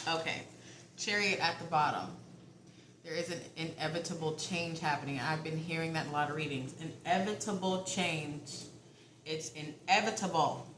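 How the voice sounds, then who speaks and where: A low-voiced woman talks straight to her viewers in a casual tarot reading, chatty and prone to giggling. Her voice carries a roomy echo with a faint hum of background noise. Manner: chatty, often checks in with viewers. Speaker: tarot card reader.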